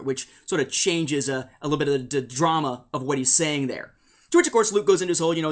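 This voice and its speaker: A man's voice: on the high side, lively intonation, quick pace, fairly bright tone. A man hosting a casual spoken review, rambling along with dry jokes and asides. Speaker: host of a book and comic review show.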